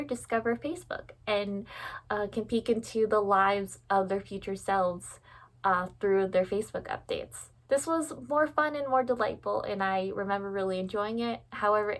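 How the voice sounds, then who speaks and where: Filmed on her phone camera, a book vlogger in her twenties chats casually at home about her bookshelves. Her medium-pitched voice is a bit bright and moves at a moderate pace. She's candid and self-mocking, laughing often and swearing offhandedly.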